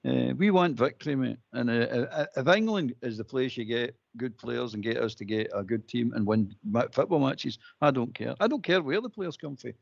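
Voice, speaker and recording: Blunt scottish guy on a phone-in, gravelly voice, keeps saying mate, dull dry lo-fi sound. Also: mid-range voice, lively intonation, normal speed, few pauses, no room sound. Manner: blunt and emphatic, repeats points, says "mate" often. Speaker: regular panelist on a fan phone-in show. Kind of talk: casual opinionated chat.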